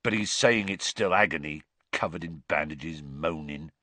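A man voicing a huge, gruff male half-giant groundskeeper who is drunk and miserable and talks in a rough dialect. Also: fairly low pitch, animated, normal speed, pushed and bright, no echo. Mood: dejected. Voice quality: rough dialect, dropped words. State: drunk, slurred.

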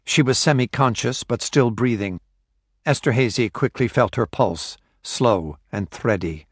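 A man narrating a thriller audiobook in a steady, measured storytelling voice. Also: medium pitch, breathy edge, no echo, studio quality.

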